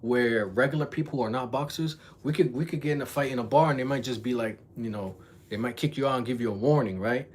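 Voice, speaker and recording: A young man chats loosely on a livestream, piling on profane slang as he retells a story. He jumps into quick impressions of other people mid-sentence, and his voice sits at an ordinary middle pitch. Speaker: reaction vlogger. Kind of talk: casual livestream commentary.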